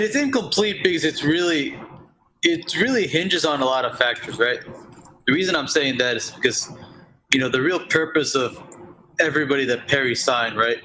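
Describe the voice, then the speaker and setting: A man's voice: medium pitch, pushed and bright, a little hiss or hum, poor audio. A man joining a casual discussion over a video call, reasoning things out and checking in with "right?" often. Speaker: video chat guest.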